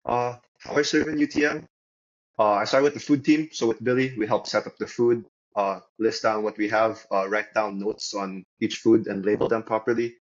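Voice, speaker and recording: A man's voice: lowish voice, steady tone, normal speed, lo-fi sound. A young man speaking as a guest on a church podcast, easygoing and chatty, laughing often as he talks. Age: young adult. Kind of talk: casual podcast chat.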